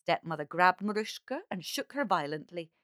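A woman reading a fairy tale aloud as a calm, measured storyteller. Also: on the low side, no echo, studio quality.

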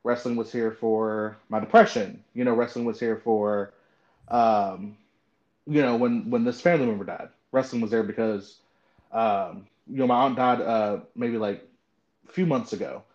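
A man's voice: fairly low pitch, moderate pace. A man hosting a podcast in casual chat, telling stories with lots of fillers and acting out what others said. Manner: animated storyteller, acts out quoted voices. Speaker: podcast host. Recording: dull lo-fi sound.

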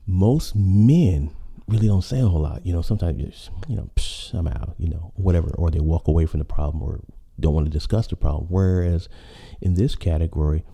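A man's voice: low voice, a little fast, mellow, breathy edge. A man hosting a podcast, talking in a rambling casual monologue full of fillers and restarts. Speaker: podcast host.

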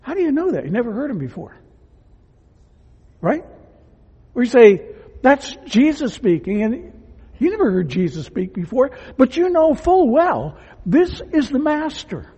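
Pastor guy preaching slow and earnest, mellow husky voice, goes real quiet sometimes. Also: very high-pitched, wildly swooping pitch, long reverb tail, highs cut off. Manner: earnest, emphatic preaching that drops to hushed tones. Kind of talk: sermon.

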